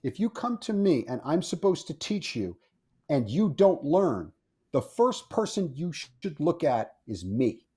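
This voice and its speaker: A man's voice: a little high, very animated, a little slow, dark tone, husky. A man speaking as a guest on a podcast interview, blunt and opinionated, swearing freely and often repeating himself. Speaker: firearms instructor, guest.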